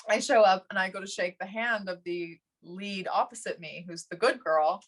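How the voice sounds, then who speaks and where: A woman in her thirties chatting as a podcast guest, telling animated stories. She laughs often and plays out the other people's lines. Her voice sits at an ordinary middle pitch. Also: normal speed. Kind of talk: casual interview storytelling.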